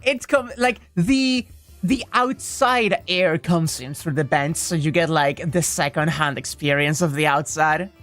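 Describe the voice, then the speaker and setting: A streamer chatting casually with a co-host during a visual novel stream, scattered and self-interrupting, with quick laughs. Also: medium pitch, a bit bright, soft background music.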